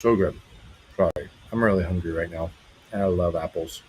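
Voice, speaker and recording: Husky low-voiced man chatting on a live stream. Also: low-quality recording. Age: adult, married. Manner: rambling and halting, many fillers, brightens when greeting viewers. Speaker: musician hosting a live stream. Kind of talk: casual live-stream chat with viewers.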